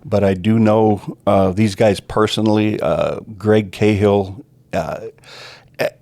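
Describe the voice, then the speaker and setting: A man's voice: fairly low pitch, fairly even intonation, slow pace, vocal fry, darkish tone, no room sound. A man, a guest on a local podcast, chatting enthusiastically about concerts in short, repeated phrases. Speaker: arts organization board member, podcast guest. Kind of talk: casual podcast conversation.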